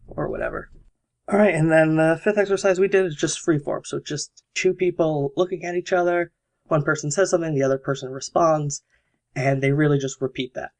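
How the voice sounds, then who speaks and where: A man's voice: fairly high pitch, a little fast, gravelly, darkish tone. A man hosting a podcast, casually explaining exercises step by step with examples. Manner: explanatory, walks through steps with examples. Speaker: podcast host.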